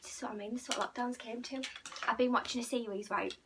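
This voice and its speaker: A young woman chatting casually to camera as a vlogger, playful and a little croaky, sometimes dropping to a near whisper. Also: a little high, fairly even intonation, fast, background noise. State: slightly croaky.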